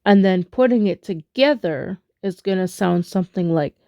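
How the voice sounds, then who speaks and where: A woman teaching a spoken rhythm lesson, chanting rhythm syllables between halting explanations. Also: medium pitch, mellow, dry recording, clean studio sound. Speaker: music teacher.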